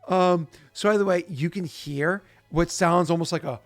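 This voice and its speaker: A man's voice: sits high, moderate pace, no echo, soft background music. A man narrating as game master, rambling, with restarts and sounds acted out. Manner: rambling, many fillers and restarts, vivid sound effects.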